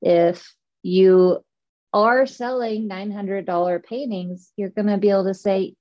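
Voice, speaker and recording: A woman coaching a client, calmly reflecting back her fears and guiding her through a belief exercise. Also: mid-range voice, unhurried, dull audio. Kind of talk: coaching session.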